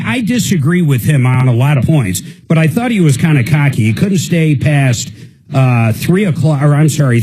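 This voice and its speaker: A man's voice: mid-range voice, mellow, husky, rough recording. A male radio host on a live consumer call-in show, talking in a fired-up, indignant rant. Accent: American.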